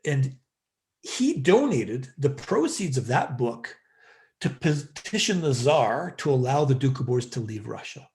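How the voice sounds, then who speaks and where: A man's voice: medium pitch, very animated, unhurried, a little mellow, a little hiss or hum. A middle-aged man from Western Canada, a podcast guest telling a long story in a loose, rambling way with lots of fillers. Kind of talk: casual storytelling interview.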